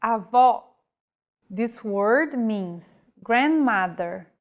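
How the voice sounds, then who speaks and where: Slow, careful woman teaching pronunciation. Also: fairly high pitch, lively intonation. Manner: slow, carefully enunciated example words. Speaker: language teacher. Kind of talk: scripted language lesson.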